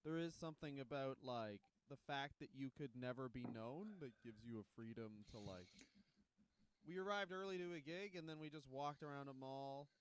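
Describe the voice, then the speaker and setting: A man's voice: medium pitch, moderate pace, a little hiss or hum. A man in his thirties co-hosting a comedy podcast, trading dry sarcastic quips in casual chat. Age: 30s. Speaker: podcast co-host.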